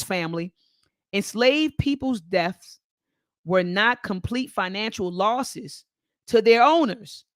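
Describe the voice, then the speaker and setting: A woman with a fairly high voice, recorded dry, hosts a book club, reading passages aloud and commenting passionately. She calls her listeners family and repeats phrases for emphasis, at times near tears, her voice dropping low.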